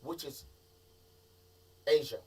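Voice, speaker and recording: A man's voice: takes it slowly, mellow. Emphatic Jamaican man, distant phone mic. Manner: emphatic, lecturing, patois phrasing. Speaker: live show host. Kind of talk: casual live-stream chat. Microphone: mobile phone.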